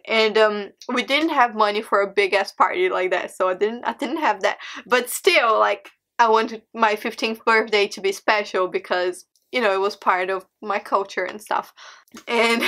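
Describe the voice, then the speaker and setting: A woman's voice: mid-range voice, sharp tone. A young woman whose first language is Portuguese, telling a dramatic storytime with frequent laughs and exclamations. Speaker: vlogger. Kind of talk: storytime vlog.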